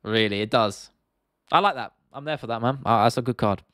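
A man's voice: medium pitch, a little fast, a bit bright, dry recording, clean studio sound. Chatty man hosting a livestream. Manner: chatty, rambling, blunt, answers chat directly. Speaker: host. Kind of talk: casual livestream Q&A.

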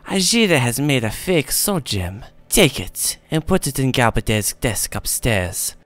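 A man's voice: medium pitch, sing-song, unhurried, a bit bright, no echo. A man voicing a scheming female cat-folk mage apprentice who speaks of herself in the third person, as game audio with faint music behind.

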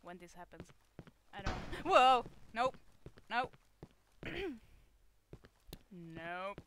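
A woman with a sore throat doing let's play commentary on a horror game, jumpy and swearing, switching between hushed muttering and loud outbursts. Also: medium pitch, big pitch swings, extremely slow, a little hiss or hum. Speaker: gamer playing a horror game.

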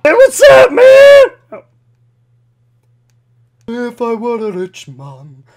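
A brash, silly T-rex puppet that a man voices on a webcam chat. The voice sits very high and swoops around, with a gravelly crackle and slow, drawn-out delivery. It is rowdy and full of shouts. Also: animated, heavily acted. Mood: goofy. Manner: rowdy, shouts and makes mouth noises. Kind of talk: improvised video chat puppet comedy.

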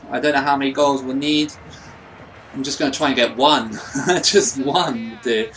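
A man's voice: medium pitch, bright, forceful tone, slight background noise, rough recording. Exasperated young man ranting over gameplay. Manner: frustrated, swears, rants at the game. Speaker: gaming YouTuber. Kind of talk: casual gameplay commentary.

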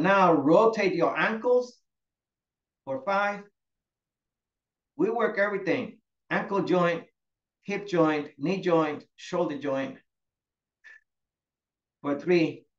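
Male instructor, encouraging, cueing each move, slightly high voice, roomy dull sound. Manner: encouraging, calls students by name. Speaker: fitness instructor. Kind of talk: live class instruction. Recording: echoey, dull lo-fi room sound.

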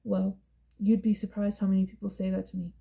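A woman voicing a brooding, intense young man in an audiobook, speaking softly and quietly, with a flat, gravelly, dark tone. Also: brisk, close to an everyday voice. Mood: soft, wry. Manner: soft, hushed and low-key. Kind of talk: audiobook character voice.

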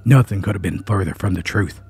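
A man's voice: sits low, brisk, vocal fry, a little mellow. A man narrating a dramatic mountain feud story, building suspense with folksy, emphatic asides. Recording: faint music underneath.

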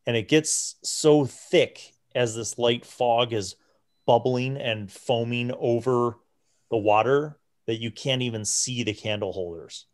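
A man narrating a tabletop role-playing game as game master, in a relaxed way with many restarts and fillers. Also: mid-range voice, slow.

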